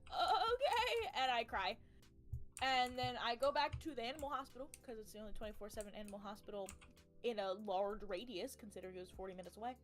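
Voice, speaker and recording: Uma jovem com sotaque americano conta uma história de forma animada e cheia de palavrões, imitando as pessoas com vozes mais agudas. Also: female voice, fast talker, soft background music. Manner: animated, acts out quoted people in higher voices, swears freely. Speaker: streamer. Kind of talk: casual storytelling on a game stream.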